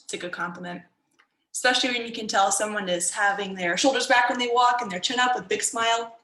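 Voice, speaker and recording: A woman's voice: a little high, quick pace, bright, forceful tone, roomy sound, low-quality recording. A woman martial arts instructor teaching an online workshop for kids in an upbeat, encouraging way, over a video call.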